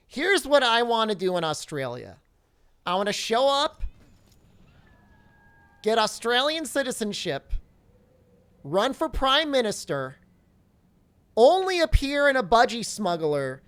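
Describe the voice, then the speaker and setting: A man's voice: high-pitched, a bit bright, clear, resonant tone. A man streaming a video game, chatting casually and jokingly as he reads viewers' questions aloud. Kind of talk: casual live-stream chat.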